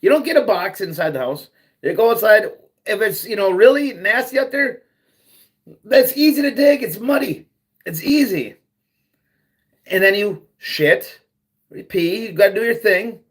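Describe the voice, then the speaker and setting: A man's voice: high voice, animated, unhurried, long pauses, breathy edge. A man hosting a livestream, ranting bluntly and profanely, repeating himself as he goes. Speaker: livestream host. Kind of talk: ranting monologue.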